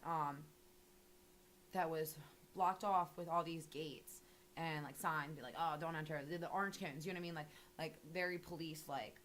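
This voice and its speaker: A woman's voice: low-pitched, slight background noise. A young woman talking casually and animatedly, rambling with lots of filler words and swearing. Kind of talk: casual interview monologue.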